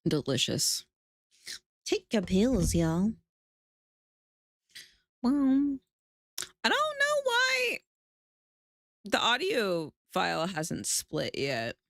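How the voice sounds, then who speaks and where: A woman's voice: mid-range voice, huge pitch swings, extremely slow, long pauses, fairly bright tone, no echo, studio quality. Drowsy, swearing woman streamer. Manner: chatty, swears freely, laughs often. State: sleepy, yawning. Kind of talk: casual chat.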